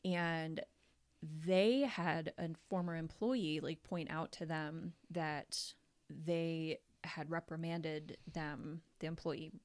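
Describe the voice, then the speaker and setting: A woman co-hosts a casual podcast, musing on everyday lessons in a reflective, affirming way. Her speech is loose and full of fillers, and her voice sits a bit low for a woman. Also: steady tone, slow pace. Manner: reflective and affirming, many fillers like "like" and "you know". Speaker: podcast co-host. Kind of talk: casual chat.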